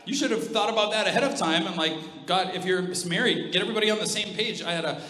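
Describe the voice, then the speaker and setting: Man, pastor, sermon, high pitch, blunt and joking, echoey church hall. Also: fast talker, sharp tone. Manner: humorous, direct and emphatic. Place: church auditorium.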